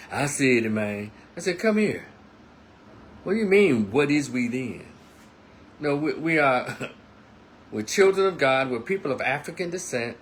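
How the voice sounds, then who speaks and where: A man's voice: mid-range voice, a little hiss or hum. A man giving a casual monologue, telling a story and acting out the people in it. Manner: animated storytelling, acts out quotes. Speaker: commentator.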